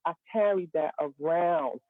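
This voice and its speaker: A woman's voice: sits low, a little slow, no room sound. A woman guest telling a personal story in an earnest, emphatic way, with humorous asides, on a live stream. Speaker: guest speaker. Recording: tinny phone-line sound.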